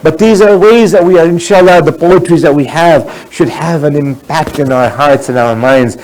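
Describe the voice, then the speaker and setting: A man's voice: on the high side, normal speed, a little mellow, poor audio. A man giving a sermon as a sheikh, earnest and exhorting, mixing in Arabic religious phrases.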